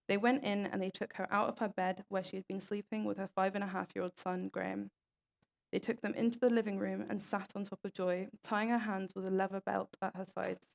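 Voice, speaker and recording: A woman's voice: medium pitch, vocal fry. A young woman giving a talk at an event, reading stories aloud in an earnest way and tripping over a word now and then. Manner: earnest, with small stumbles and restarts. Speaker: speaker at an event.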